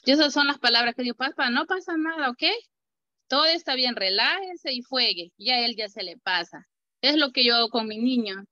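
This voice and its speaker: A mother sharing how she calms her son, quick and animated, acting out what she tells him. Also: on the high side, lo-fi sound. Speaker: parent. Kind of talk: sharing at a parent meeting.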